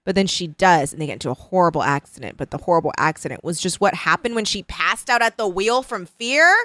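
Animated young-sounding woman recapping a book. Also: on the low side, fast, no room sound. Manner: animated retelling with quoted voices. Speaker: co-host discussing a book. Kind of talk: casual chat recapping a plot.

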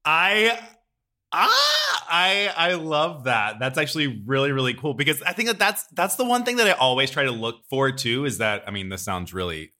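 Lively bright-voiced male co-host. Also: a little high, moderate pace. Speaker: podcast producer, co-host. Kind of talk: casual chat.

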